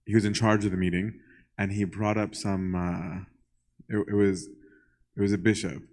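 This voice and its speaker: Lower-voiced priest chatting conversationally. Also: male voice, level tone, moderate pace, darkish tone, low-quality recording. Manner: conversational, keeps asking "right?" and acts out little dialogues. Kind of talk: casual Q&A talk to a congregation.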